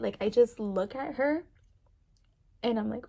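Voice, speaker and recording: A young woman talks casually to her camera in a loose, rambling way, full of fillers. Her voice sits a touch high, with a gravelly fry and a warm, mellow tone. She sounds emotional and close to tears. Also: measured pace, long pauses. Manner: chatty, rambling, many fillers. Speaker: vlogger.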